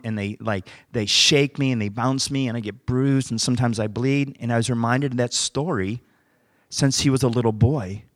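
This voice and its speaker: A male pastor recounting a story from the pulpit, lively as he acts out each exchange. His voice sits in a middle register. The sound is dry and close. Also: mid-range voice, no room sound. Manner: animated storyteller acting out dialogue. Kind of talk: sermon storytelling.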